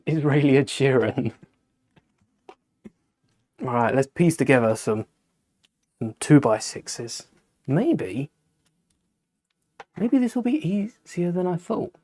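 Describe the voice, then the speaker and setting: A British man with a fairly high voice hosts a live Lego stream. He chats in a relaxed, offhand way, musing aloud as he builds. He breaks off now and then to answer viewers' questions. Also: takes it slowly, long pauses. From United Kingdom. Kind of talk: casual live-stream chat.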